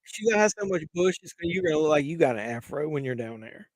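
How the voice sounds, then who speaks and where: A man's voice: a little high, animated, quick pace, no echo. A man hosting a live chat stream, teasing viewers with crude jokes and laughing at his own punchlines. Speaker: livestream host.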